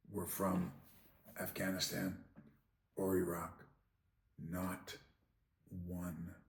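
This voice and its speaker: A man hosting a podcast in a heated monologue, swinging from loud outbursts to low, sarcastic mutters. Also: gravelly. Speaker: podcast host. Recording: echoey room, distant mic.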